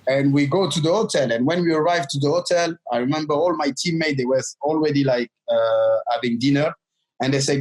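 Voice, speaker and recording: A man from France, a non-native speaker of English with a French accent, recounts his life as a podcast guest. He tells his stories in an animated way and speaks in loose, imperfect English. His voice sits at an ordinary, middling pitch for a man. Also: brisk, low-quality recording. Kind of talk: storytelling interview.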